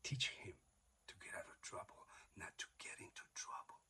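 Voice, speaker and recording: A man giving an emphatic, preachy motivational monologue that swings between loud declarations and whispers, repeating his exhortations. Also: normal speed. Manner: repetitive, exhorting. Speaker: motivational speaker.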